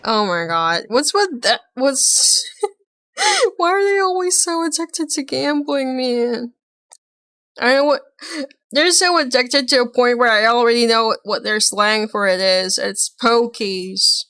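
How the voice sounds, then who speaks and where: A woman's voice: fairly high pitch, animated, a little slow, a bit bright, smooth, no echo. A woman streaming, reacting to videos with casual commentary and joking, laughing asides.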